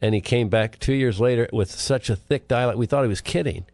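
A man's voice: medium pitch, brisk, a little mellow, no room sound. A middle-aged man co-hosting a radio show, telling stories in casual banter. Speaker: radio co-host.

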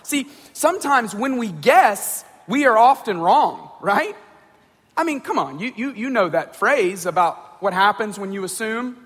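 A man's voice: high-pitched, lively intonation, a little slow, fairly bright tone, big-room sound. A man giving an informal talk to a group, conversational, often repeating words and checking in with the audience. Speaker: speaker addressing a group.

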